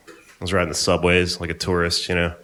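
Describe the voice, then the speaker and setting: A young male stand-up comedian works a live room with a loose, rambling, offhand delivery. His voice sits on the low side but has a bright, forward edge. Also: completely flat delivery, quick pace. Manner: laid-back, rambling, offhand. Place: live comedy venue on stage.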